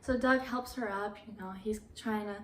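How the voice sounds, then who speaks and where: A woman's voice: medium pitch, steady tone, normal speed, slight background noise. Casual young female vlogger recapping a film, giggly, roomy echo. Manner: chatty, laughs often, quotes characters in hushed voices.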